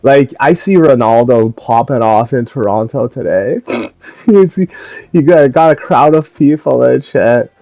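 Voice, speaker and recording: A man's voice: medium pitch, animated, unhurried, vocal fry, mellow, no echo, muffled recording. A young man ranting in a casual, profane and mocking way, rambling between thoughts. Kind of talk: casual rant.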